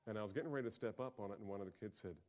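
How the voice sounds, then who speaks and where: A man preaching a sermon as pastor, talking conversationally and swinging from quiet asides to loud, emphatic peaks. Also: on the low side, racing.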